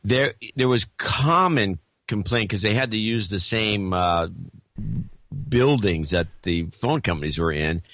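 A man's voice: lowish voice, lively intonation, a little slow, fairly bright tone, dry recording. A man co-hosting a podcast in casual chat, giving dry, wry comebacks. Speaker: podcast co-host.

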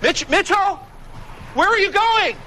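A man's voice: very high-pitched, expressive, measured pace, bright, forceful tone, a little hiss or hum, full character voice, poor audio. An actor playing a fretful man pleading with his partner in a TV sitcom scene. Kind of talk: TV sitcom acting.

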